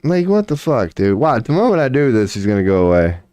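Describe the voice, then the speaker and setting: A man streams casually and solo from a small room at home, swearing, laughing and talking to a mouse. His medium-pitched voice is mellow, very animated and fairly quick, on a dry recording.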